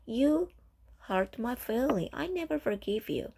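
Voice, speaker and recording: Woman reading as a teary chatty orphan girl, storybook, a bit of fry. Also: medium pitch, measured pace, darkish tone. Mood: upset. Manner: tearful, pleading, then gushing. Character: emotional orphan girl, dreamy and talkative.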